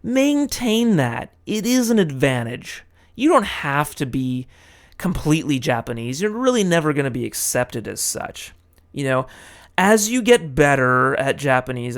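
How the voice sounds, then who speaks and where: Young male podcast host, mid-pitch voice, casual comic monologue, rambling delivery. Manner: rambling, loose, lots of fillers.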